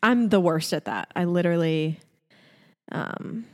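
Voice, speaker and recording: A woman's voice: on the low side, measured pace, darkish tone, in a large hall. A woman co-hosting a podcast in casual chat, talking in a chatty and opinionated way with plenty of fillers. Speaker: podcast co-host.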